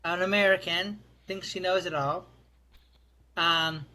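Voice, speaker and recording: Bright-voiced man improvising a story. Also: sits high, a little slow. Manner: casual, animated, with fillers. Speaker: podcast panelist.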